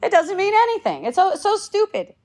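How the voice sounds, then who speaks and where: A woman's voice: very high voice, wildly swooping pitch, fairly quick, a little mellow. A woman in her fifties talking casually to a group, rambling with restarts, swearing freely and laughing often. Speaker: speaker in a group talk.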